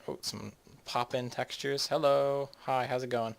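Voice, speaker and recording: A man's voice: mid-range voice, little pitch movement, measured pace, gravelly. A young man from the northeastern United States, rambling and chatty with many restarts as he narrates his game. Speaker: gamer. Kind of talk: casual game commentary.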